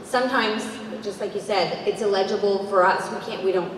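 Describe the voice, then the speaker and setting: A woman's voice: medium pitch, brisk. A woman voice actor chats with fans on a convention panel in an easygoing way. She is picked up from a distance inside a reverberant hall. A crowd murmurs behind her.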